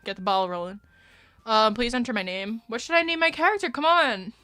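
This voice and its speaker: A woman livestreams herself playing a game, chatting casually with viewers, swearing, joking, and breaking into sudden shouts. Her voice is on the high side and fairly quick, with faint music in the background.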